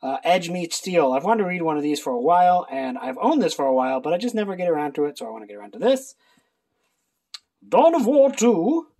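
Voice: mid-range voice, animated, rapid-fire, few pauses, a little mellow. Sarcastic booktuber, rambling casual haul, swears freely. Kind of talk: casual book haul video.

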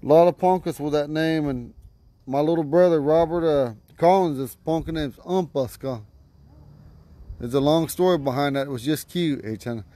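A man teaching vocabulary to a class outdoors at home, patiently repeating each word slowly. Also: fairly high pitch, mellow, no echo. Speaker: language teacher.

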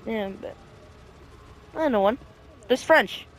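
A man's voice: very high voice, lively intonation, slow, a bit bright, slight background noise. A man hosting a goofy game roleplay, joking, laughing and apologizing to his robot sidekick. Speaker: gaming roleplay host. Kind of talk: casual game roleplay narration.

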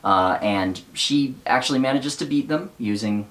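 A man's voice: mid-range voice, animated, moderate pace, a bit bright. A man casually recapping and reading from a novel, rambling with fillers and wry asides.

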